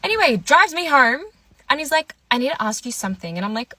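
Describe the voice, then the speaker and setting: She talks fast in a sharp voice on the high side, with no echo in the audio. A young woman in her twenties, she chats through a dating story, quoting the people involved in their own voices.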